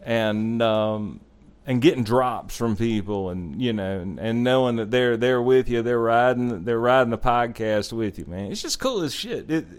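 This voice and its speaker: A man's voice: mid-range voice, animated, normal speed, clean tone. Rambling, enthusiastic podcast host, a man. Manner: rambling, enthusiastic, swears casually, many fillers. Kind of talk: casual podcast chat. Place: North Carolina.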